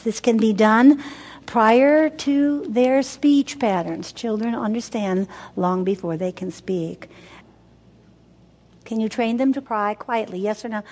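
An older woman with a fairly high, darkish voice gives a teaching talk to a group of mothers as a women's ministry speaker. She is emphatic, repeats words for effect and puts questions to her audience. The recording has a long hall reverb.

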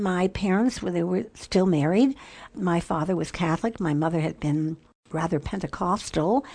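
A woman's voice: medium pitch, a little mellow. An older woman giving a devotional teaching talk to women, earnest and musing, with small self-mocking asides. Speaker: Christian women's ministry teacher.

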